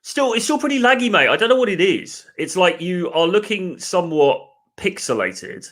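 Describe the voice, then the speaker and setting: A man's voice: high-pitched, big pitch swings, normal speed, fairly bright tone. A man hosting a live video-call chat show, talking in a chatty, rambling way with light teasing. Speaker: podcast host. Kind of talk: casual live-stream chat.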